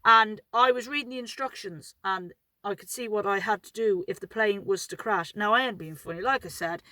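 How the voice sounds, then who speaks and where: A chatty woman vlogger with a bright, medium-pitched voice tells casual anecdotes with no room sound. She rambles, swears freely, and laughs at herself along the way.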